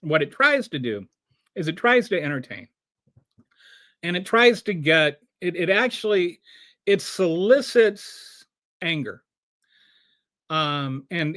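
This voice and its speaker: A man hosting a show of casual political commentary, talking in an animated way with frequent restarts and rhetorical questions. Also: a little high, a little slow, no room sound, studio quality. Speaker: show host.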